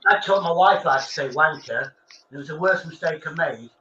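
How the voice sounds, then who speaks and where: A man's voice: a little high, moderate pace, sharp tone. A man hosting a live stream, telling jokey stories in casual chat. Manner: joking storyteller. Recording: roomy, lo-fi stream audio with faint background noise.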